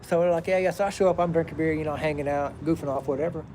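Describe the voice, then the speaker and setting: A man's voice: fairly high pitch, steady tone, racing, darkish tone, slight background noise. Rambling man telling a story. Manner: rambling, profane, drawling. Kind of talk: casual personal storytelling.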